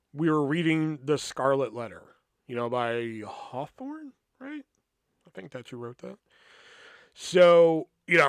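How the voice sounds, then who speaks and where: A man hosting a podcast meanders casually through a story, swearing all the time and saying "you know" often, while voicing the people he quotes with lively impressions. His mid-range voice comes through a dry, studio-quality recording.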